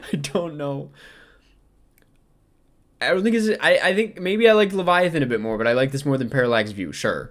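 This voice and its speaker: A man's voice: medium pitch, a bit bright. A young man talking casually to camera, rambling and second-guessing himself with many ums while he ranks films. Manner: rambling, self-questioning, frequent ums. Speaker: film vlogger ranking movies. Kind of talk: casual chat.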